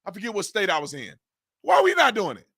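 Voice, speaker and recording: A man's voice: high-pitched, wildly swooping pitch, quick pace, sharp tone, slightly rough. A man hosting his own political commentary channel, ranting in exasperation and firing off repeated rhetorical questions in informal speech.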